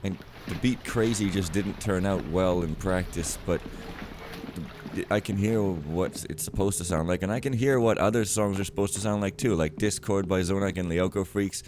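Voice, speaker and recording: A man's voice: sits low, moderate pace, noisy background. A man giving casual gameplay commentary, rambling and cutting himself off as he rants. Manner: rambling, self-interrupting, ranting. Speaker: let's player.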